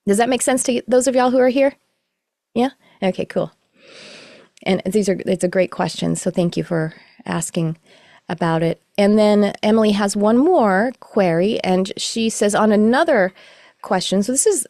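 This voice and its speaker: A middle-aged woman teaching a live online class, explaining in a relaxed, rambling way with self-corrections. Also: medium pitch, normal speed, dry recording, clean studio sound. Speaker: course teacher. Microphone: video call.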